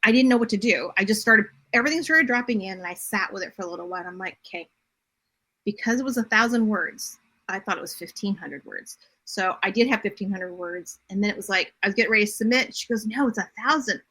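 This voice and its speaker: A middle-aged woman talking as a podcast guest, telling her story in a direct, animated way. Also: mid-range voice, fast, hardly any pauses. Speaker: podcast guest, bodymind coach and writer. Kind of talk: casual interview chat.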